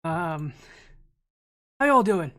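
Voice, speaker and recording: A man's voice: fairly high pitch, big pitch swings, very slow, bright, forceful tone. Breathless, chatty male esports streamer. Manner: rambling, chatty, frequent restarts and fillers, greets viewers. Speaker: esports caster streaming a team watch stream. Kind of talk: casual live-stream chat.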